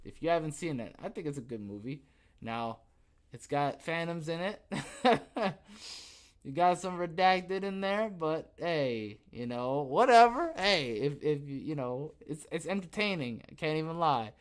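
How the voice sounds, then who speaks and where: A man hosting a casual podcast, rambling and joking as he reads viewer comments, with sudden loud, animated bursts. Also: a little high. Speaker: podcast host. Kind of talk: casual livestream chat reading viewer comments.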